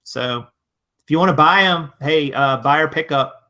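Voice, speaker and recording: A Virginia man who resells goods hosts a casual live stream, answering viewer comments in a rambling, conversational way full of restarts. His voice sits on the high side and sounds pushed and bright, moving a little slowly.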